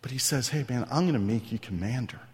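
A man preaching a sermon as pastor, moving between hushed asides and loud, stretched-out emphasis. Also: medium pitch, fast. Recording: long reverb in a large hall.

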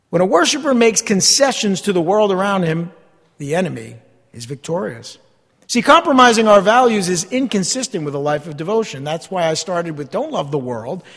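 A man's voice: high-pitched, a bit bright, breathy edge, long reverb tail. A man preaching a sermon as a pastor, talking conversationally and asking the congregation rhetorical questions.

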